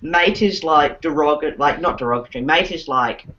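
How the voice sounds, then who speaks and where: A man's voice: on the high side, a little fast, bright, forceful tone. A man co-hosting a casual podcast, explaining things with lots of "like" as filler. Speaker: podcast co-host. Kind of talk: casual chat. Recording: dull lo-fi audio.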